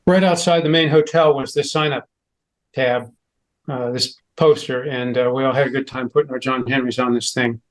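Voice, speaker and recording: A man of middle pitch presents a slide show to a club audience with real enthusiasm. His talk runs loose and conversational and is peppered with "uh" fillers. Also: steady tone, normal speed, rough recording. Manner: enthusiastic storyteller with frequent "uh" fillers.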